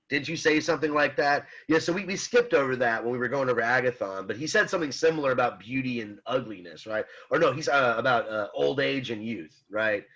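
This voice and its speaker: Guy teaching philosophy on a video call, husky voice, dull sound, keeps restarting and saying right?. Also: medium pitch, lively intonation, a little fast, fairly bright tone. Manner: hesitant, many restarts and "right?" checks. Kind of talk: online class lecture. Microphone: computer mic on a video call.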